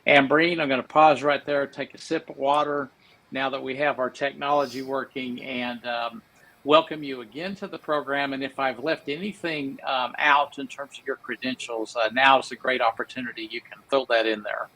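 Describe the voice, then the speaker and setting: A man's voice: mid-range voice, fairly even intonation, moderate pace, pushed and bright, low-quality recording. A man hosting a live interview, praising his guest at length with rambling fillers. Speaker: host.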